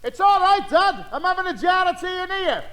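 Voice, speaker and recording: An actor playing a loud, overfamiliar neighbour who laughs at his own jokes, in a vintage radio comedy. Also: sits high, big pitch swings, normal speed, in a large hall, over a noisy crowd. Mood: jovial. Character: brash, joke-cracking middle-aged neighbour. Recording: old broadcast with studio audience laughter.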